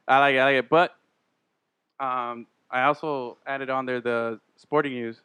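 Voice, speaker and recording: A man's voice: medium pitch, fairly even intonation, normal speed, bright, forceful tone, clear, resonant tone, no echo. A young man co-hosting a sports podcast, chatting casually and laughing as he leads the segments. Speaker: podcast co-host.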